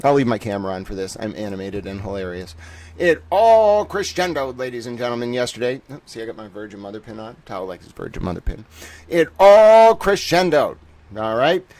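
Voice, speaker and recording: A man's voice: lowish voice, quick pace. A man hosting a live stream, greeting viewers and speaking in a grandiose, theatrical way. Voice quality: theatrical and grandiose, addresses "ladies and gentlemen". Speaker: livestream host.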